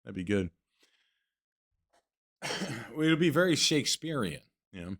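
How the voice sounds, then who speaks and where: Guy hosting a comedy podcast, super animated, keeps laughing, dry sound. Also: medium pitch, unhurried, no room sound. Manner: animated, laughs often, acts out quotes. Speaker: podcast host. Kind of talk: crude casual banter.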